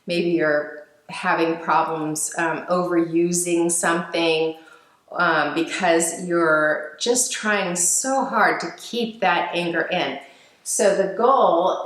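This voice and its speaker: A woman giving a reflective teaching talk, speaking gently with frequent fillers and restarts. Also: fairly low pitch, reverberant, rough recording. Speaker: speaker on emotional healing.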